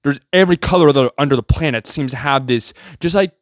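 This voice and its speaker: A man's voice: fast, dry recording, studio quality. A man delivering a sarcastic, rambling comedic rant to his viewers. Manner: sarcastic, rambling, jumpy pitch. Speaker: vlogger.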